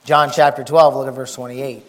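A man preaching a folksy, excitable sermon, shouting and whispering for effect. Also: mid-range voice, normal speed.

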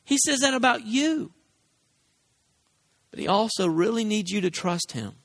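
Casting: high-pitched male preacher, animated storyteller, big vocal swings. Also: unhurried, gravelly, no echo. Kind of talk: sermon.

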